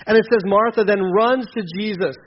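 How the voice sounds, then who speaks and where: High-voiced man preaching with passion. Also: fairly even intonation, brisk, highs cut off. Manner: impassioned, acts out voices from the scripture. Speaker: pastor. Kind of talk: sermon.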